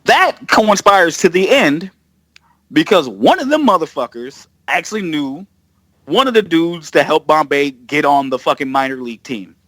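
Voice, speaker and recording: Animated, profane man telling a story. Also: a little high, normal speed, no room sound. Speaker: podcast guest. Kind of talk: casual chat.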